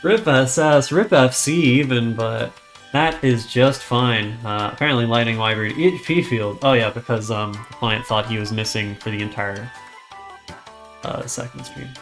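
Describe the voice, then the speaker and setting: Over game music, a man with a medium-pitched voice at normal speed does casual live commentary for a rhythm game tournament. He's chatty and frank, and stream trouble leaves him flustered.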